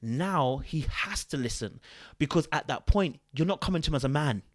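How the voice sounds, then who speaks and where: A man, hosting a podcast and reading out fan comments in a chatty, animated way that often repeats itself. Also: on the high side, moderate pace, no room sound, clean studio sound. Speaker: podcast host.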